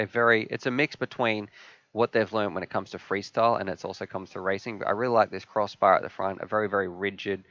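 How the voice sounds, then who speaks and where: A man's voice: sits low, vocal fry, a bit bright, dry recording, highs cut off. Chatty man hosting a live stream. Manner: enthusiastic, chatty, reads viewer questions aloud.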